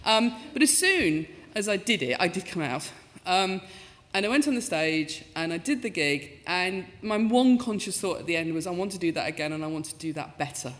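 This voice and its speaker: A woman in her fifties giving a talk as a professor, telling stories in a lively, self-mocking way and acting out the voices she quotes. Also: on the low side, moderate pace, few pauses. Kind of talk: storytelling talk with comic asides. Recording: lecture hall with long reverb.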